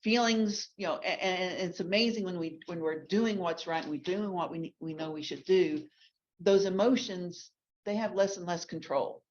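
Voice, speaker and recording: A woman's voice: on the low side, moderate pace. A woman from Texas, teaching a ladies' Bible class in a chatty way full of restarts and asides. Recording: dull lo-fi recording.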